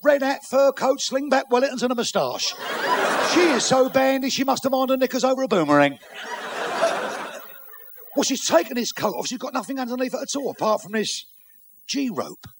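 A man telling bawdy jokes as a stand-up comedian, brash and rapid-fire, laughing through his punchlines. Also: extremely high pitch, expressive. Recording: live club with crowd and noise.

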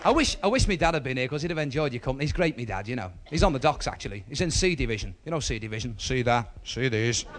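A man with a Liverpool accent doing stand-up, telling chatty stories and dropping into squeaky put-on voices. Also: lively intonation, fast, hardly any pauses. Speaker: stand-up comedian. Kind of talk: stand-up storytelling. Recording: noisy live club with crowd.

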